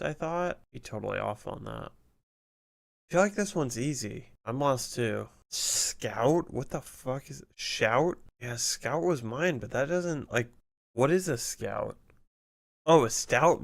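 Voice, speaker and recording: Slow, gravelly-voiced male streamer. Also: mid-range voice, a bit bright. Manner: laid-back, swears often, mutters while puzzling. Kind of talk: casual gaming stream chat.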